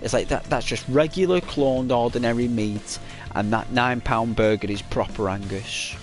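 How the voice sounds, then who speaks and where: A man's voice: mid-range voice, moderate pace, soft background music. Rambling man chatting on a game stream. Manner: rambling, full of fillers. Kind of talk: casual live-stream chat.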